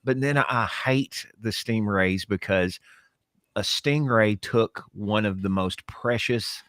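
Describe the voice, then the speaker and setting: Lower-voiced earnest man, dry close sound. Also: slow, a bit bright, dry recording. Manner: earnest, gushing, swears for emphasis. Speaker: podcast co-host. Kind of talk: casual chat.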